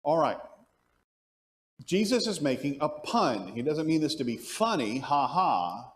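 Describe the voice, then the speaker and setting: A man's voice: on the high side, very animated, a little slow. A man teaching an adult Bible class at church. He asks the class questions, answers them himself, and often restarts his sentences as he thinks aloud.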